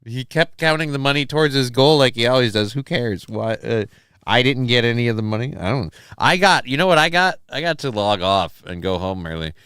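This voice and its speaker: Host, young man, crude and sarcastic, smooth clean voice, dry close sound. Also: medium pitch, lively intonation, fairly quick, fairly bright tone, no room sound. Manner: profane, sarcastic, ranting. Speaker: livestream host reading chat. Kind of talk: crude casual streamer chat.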